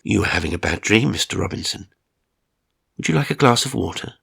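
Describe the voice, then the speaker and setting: A man's voice: fairly low pitch, fairly quick, vocal fry, slightly rough, heavily acted. A man voicing a formal, literal-minded carer. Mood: composed. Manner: calm, precise, oddly formal. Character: polite, literal-minded male live-in carer. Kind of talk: audio drama reading.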